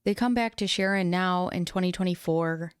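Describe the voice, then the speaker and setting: A woman's voice: on the low side, moderate pace, smooth, dry recording, clean studio sound. A woman hosting a true crime commentary who reads court statements aloud and then gives her own opinion with feeling.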